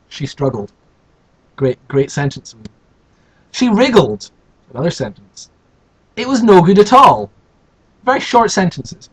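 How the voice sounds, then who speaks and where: Man, storybook reader, dry sarcastic asides, lively and slightly husky. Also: sits high, rough recording. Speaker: host reading a children's book. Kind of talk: storybook reading with comic asides.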